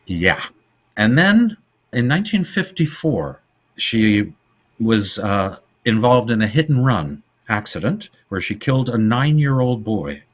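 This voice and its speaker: A man co-hosting a podcast and telling film stories in casual chat. His pitch rises and falls a lot, his voice sits fairly low, and it has a husky edge. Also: measured pace. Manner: animated storytelling, trivia-laden. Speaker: podcast co-host.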